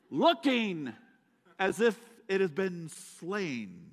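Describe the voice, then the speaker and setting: High-voiced preacher in echoey hall. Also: male voice, animated, normal speed, sharp tone. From USA. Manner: dramatic storytelling with joking asides. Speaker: guest preacher. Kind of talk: sermon. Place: church sanctuary.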